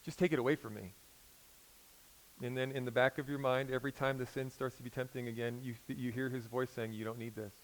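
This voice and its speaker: An American man in his forties preaching a sermon in a conversational storytelling way, swinging between loud emphasis and quiet intensity. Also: mid-range voice, fairly even intonation, brisk, low-quality recording. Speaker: pastor.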